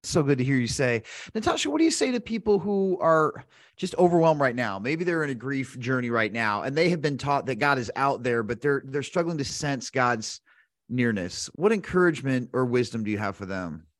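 A man hosting an interview, animated and earnest, telling scripture stories and asking questions. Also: mid-range voice, a little fast, no echo, clean studio sound. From grew up Pentecostal. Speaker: host. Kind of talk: conversational interview.

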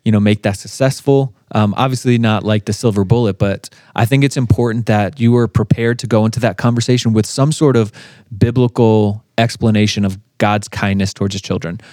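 A man in his thirties co-hosting a faith podcast, telling a family story in a relaxed way with fillers and laughs. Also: fairly low pitch, fairly quick, no echo, studio quality. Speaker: podcast co-host. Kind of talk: casual faith podcast chat.

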